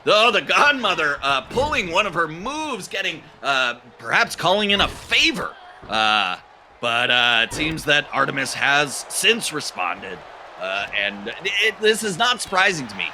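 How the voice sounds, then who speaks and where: Animated, rambling man commentator. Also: on the high side, measured pace. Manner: deadpan, rambling, full of fillers. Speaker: play-by-play commentator. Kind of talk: improvised comedy wrestling commentary. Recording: noisy background.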